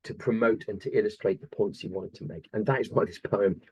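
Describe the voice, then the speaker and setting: A man's voice: on the low side, fairly quick, mellow, breathy edge, highs cut off. A man teaching an online poetry revision lesson over a video call, enthusiastic and explaining step by step with many fillers. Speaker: English teacher.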